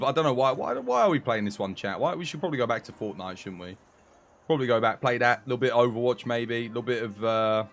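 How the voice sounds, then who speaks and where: A man's voice: fairly low pitch, fairly bright tone. A man streaming a game, chatting casually with a dry, sarcastic, rambling manner. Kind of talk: casual live-stream chat.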